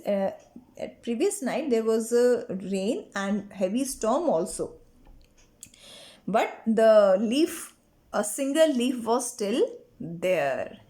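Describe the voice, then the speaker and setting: A woman's voice: a little high, warm tone. A woman teacher explains a story to her class, defining words and repeating each point patiently. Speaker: English teacher. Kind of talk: explaining a textbook lesson.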